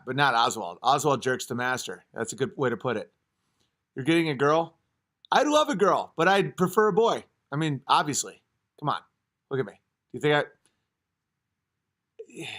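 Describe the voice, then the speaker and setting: A man in his thirties hosting a casual livestream, rambling and joking as he answers chat comments. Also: mid-range voice. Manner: rambling, joking, swings to loud acted outbursts. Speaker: livestream host.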